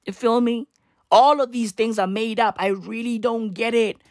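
A woman's voice: fairly high pitch, steady tone, normal speed, a little mellow, no echo, studio quality. A woman delivering a comedic news rant in a profane, slangy, rambling way that keeps circling back to the same tags. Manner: repeats filler tags.

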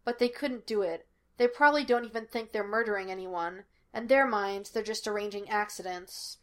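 A woman reading the lines of an excitable, teasing young male detective who talks in quick banter. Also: medium pitch, close to an everyday voice. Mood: explaining. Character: lively wisecracking young male psychic detective.

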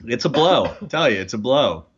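A man's voice: mid-range voice, sing-song, brisk, breathy edge. A man in his thirties co-hosting a podcast, joking and laughing often in casual chat. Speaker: podcast co-host. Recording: dull lo-fi sound.

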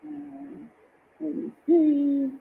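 A woman's voice: sits high, completely flat delivery, very slow, gravelly, phone-quality sound, slight background noise. A woman hosting a live dating show, chatting and greeting viewers by name. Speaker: livestream dating show host. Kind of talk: casual livestream hosting.

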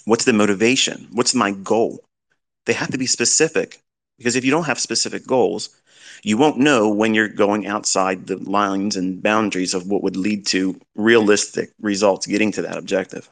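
A man's voice: fairly low pitch, steady tone, normal speed, creaky. A middle-aged man lecturing as a trading mentor, giving blunt fatherly advice with rhetorical questions. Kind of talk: lecture-style talk.

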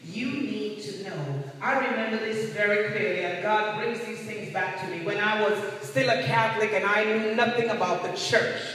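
A man's voice: high voice, steady tone, moderate pace, few pauses, bright, forceful tone. A man preaching a sermon to a congregation, emphatic and repeating key words for effect. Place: church sanctuary. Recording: echoey church hall, distant mic.

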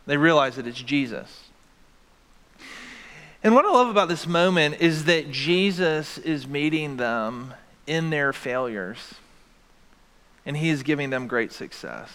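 Guy preaching a sermon, bright kinda high voice, lively, acts out the quotes, long echo from the church hall. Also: normal speed, clear, resonant tone. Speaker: pastor. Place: church sanctuary.

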